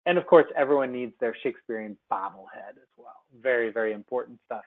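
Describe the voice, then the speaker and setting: A man presenting a software seminar by screen share, talking through it casually with many ums and restarts. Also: mid-range voice, fast talker. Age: adult. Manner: chatty, many fillers and restarts. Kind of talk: screen-share webinar demo. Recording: tinny phone-like webinar audio.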